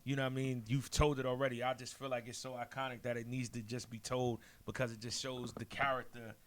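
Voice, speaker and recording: A man's voice: medium pitch, level tone, quick pace, a bit bright. A man hosting a wrestling podcast, asking loose, rambling questions. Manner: casual, rambling questions with fillers. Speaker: podcast host. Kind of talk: casual interview.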